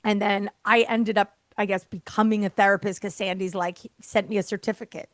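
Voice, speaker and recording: A woman's voice: mid-range voice, brisk, hardly any pauses, no room sound. A woman guest on a podcast, an airway therapist, telling a story casually, laughing often and acting out other people's lines. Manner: lively, acts out quoted dialogue.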